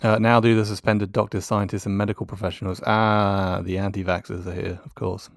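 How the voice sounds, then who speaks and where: A man's voice: fairly low pitch, little pitch movement, fairly quick, gravelly, no echo. A man giving casual, sardonic commentary on tweets, swearing and laughing as he goes. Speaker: YouTuber.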